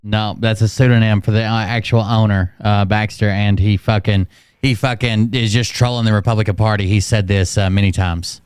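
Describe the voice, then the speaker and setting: A man's voice: on the low side, steady tone, normal speed, clear, resonant tone. A man giving mocking live commentary on a clip in a sarcastic, profane, scornful way.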